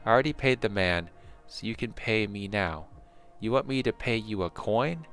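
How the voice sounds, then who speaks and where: A blustering, gruff male dwarf, as a narrator puts him on, loud and suspicious of strangers, angling for free ale. The voice sits low with a husky bark to it. Soft music plays under this storybook reading. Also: animated, moderate pace. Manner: blustering, greedy bargaining.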